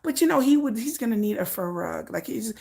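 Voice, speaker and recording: A woman voicing a celebrity's assistant who makes odd requests sound reasonable, in a soft, soothing, overly calm manner. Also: on the high side, brisk, vocal fry, full character voice. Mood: placating.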